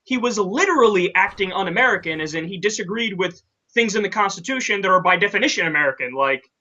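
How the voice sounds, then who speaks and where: A man's voice: high-pitched, animated, fast, sharp tone, lo-fi sound. A man hosting a casual political commentary show, talking in a blunt, sarcastic way and swearing casually. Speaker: show host.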